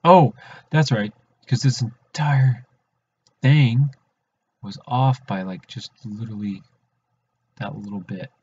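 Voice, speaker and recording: A man's voice: mid-range voice, takes it slowly, long pauses, breathy edge. A young man casually chatting on a live stream while building, muttering to himself. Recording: dull lo-fi stream audio.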